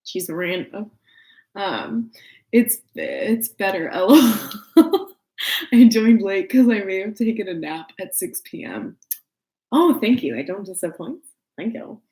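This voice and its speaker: A woman's voice: medium pitch, lively intonation, measured pace, long pauses, mellow. A young woman with a Texan accent chatting on a crafting livestream at home, rambling and giggling with many fillers. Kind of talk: casual livestream chat. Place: room at home. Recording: roomy home echo.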